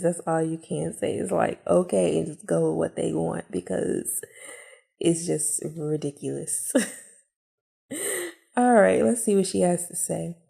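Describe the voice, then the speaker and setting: A woman's voice: fairly low pitch, vocal fry, warm tone. A woman casually streaming a mobile game, chatting to viewers and laughing often as she reads dialogue aloud.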